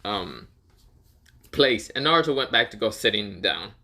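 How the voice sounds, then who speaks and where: A man's voice: on the low side, very animated, moderate pace, gravelly, sharp tone. A man telling a fan story casually, rambling with fillers, swearing and laughing.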